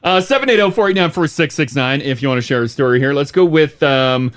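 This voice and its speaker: A man's voice: fairly high pitch, expressive, fast talker, a bit bright. A man co-hosting a morning radio show, chatting casually and laughing along with callers.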